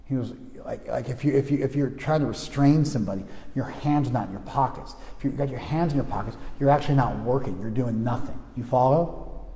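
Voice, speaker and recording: A spiritual teacher giving an informal talk to a group, conversational and full of restarts, often checking that listeners follow. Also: male voice, medium pitch, brisk, dark tone, big-room sound.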